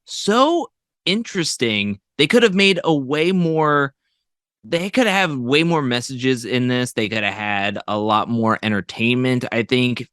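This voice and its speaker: A man's voice: mid-range voice, lively intonation, measured pace, fairly bright tone, clear, resonant tone, dry recording, studio quality. A man co-hosting a podcast, giving his movie opinions casually with a lot of hesitation. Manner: hesitant, many fillers and restarts. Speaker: podcast guest co-host. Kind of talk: casual movie review chat.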